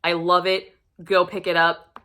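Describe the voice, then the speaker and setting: A woman vlogger recommending romance books to camera, gushing and swearing freely, sometimes dropping into a breathy whisper. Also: lowish voice, level tone, a little slow, sharp tone. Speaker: book reviewer. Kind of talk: casual book recommendation vlog.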